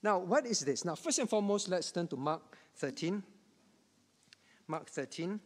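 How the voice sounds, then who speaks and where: High-voiced pastor in a reverberant hall. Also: male voice, lively intonation, moderate pace. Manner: repetitive, emphatic, chuckling asides. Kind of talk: Bible teaching to a congregation.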